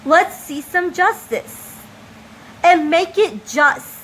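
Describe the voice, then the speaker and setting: A woman's voice: extremely high pitch, animated, a bit bright, slight background noise, poor audio. A woman from the United States speaking an emphatic, impassioned opinion monologue as a vlogger. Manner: impassioned, emphatic, slow deliberate delivery.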